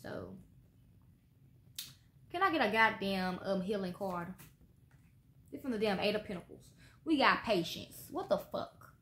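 A woman reads tarot casually for viewers at a measured pace, her medium-pitched, slightly bright voice swinging widely in pitch and broken by long pauses. Blunt and heavily profane, she trails off with repeated "okay?" tags; the echoey room carries faint background noise.

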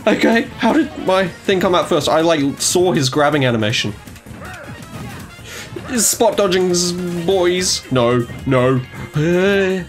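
Excitable young man commentating gameplay. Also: fairly high pitch, slow, music in the background. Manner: excitable, yelps and gasps at plays, trash talk. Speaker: gaming YouTuber.

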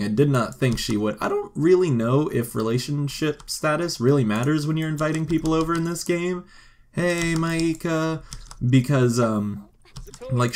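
A man giving casual, joking let's-play commentary as he plays a life-sim game and talks to its characters. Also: medium pitch. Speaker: gaming video host.

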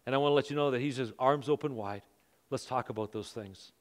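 A man's voice: medium pitch, fast. A middle-aged man who is a pastor, preaching a sermon and telling a personal story, acting out his own thoughts with growing intensity. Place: church auditorium. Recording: long hall reverb.

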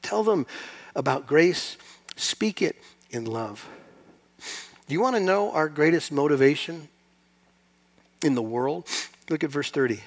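A man preaching a sermon to his congregation, asking rhetorical questions and building to loud, emphatic peaks. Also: on the high side, animated, a little slow, pauses often. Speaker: pastor.

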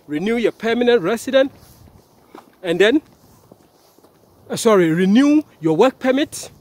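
Ghanaian guy vlogging outside, fairly high voice, rambly, keeps correcting himself. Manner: chatty, repetitive, corrects himself often. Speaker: vlogger and journalist. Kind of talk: casual direct-to-camera vlog.

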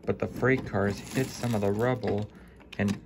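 A man narrating a children's train story in a deliberate storytelling manner. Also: fairly low pitch, steady tone, noisy background.

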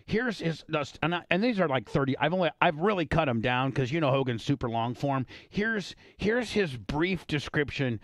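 Profane, excitable radio host. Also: male voice, a little high, moderate pace, few pauses, no room sound, studio quality. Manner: profane, excitable, repeats himself. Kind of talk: casual interview chat.

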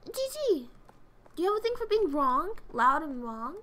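A woman streamer talks through a game in a high, bright voice with a wide, bouncing pitch. She teases her chat playfully, swears freely, and lurches from loud outbursts to low muttering. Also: very animated, a little fast. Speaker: streamer playing a horror game. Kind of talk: casual gameplay commentary to chat.

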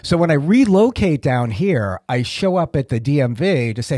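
Chatty, lively-voiced male host. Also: medium pitch, moderate pace, no echo, clean studio sound. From Massachusetts. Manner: chatty, laughs often, tells stories. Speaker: podcast host. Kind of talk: casual interview chat.

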